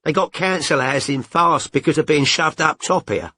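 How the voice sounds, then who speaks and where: A woman's voice: low-pitched, moderate pace, pushed and bright, breathy edge, dry recording, studio quality, pitched above the performer's own voice, full character voice. A male narrator voicing a brash, foul-mouthed young mother with a coarse, slangy way of talking. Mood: chatty. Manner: blunt, coarse, working-class slang.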